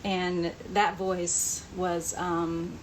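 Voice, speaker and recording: A woman hosting a live online chat, answering fan questions and reading out comments in a relaxed, chatty way. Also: on the low side, very slow, slight background noise, poor audio. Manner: chatty, reads out viewer comments, laughs often.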